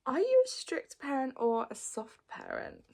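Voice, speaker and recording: A woman's voice: high voice, wildly swooping pitch, measured pace, vocal fry, warm tone. A woman in her thirties chatting casually as she answers follower questions, using lots of fillers and sometimes dropping into a whisper. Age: 30s. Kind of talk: casual chat.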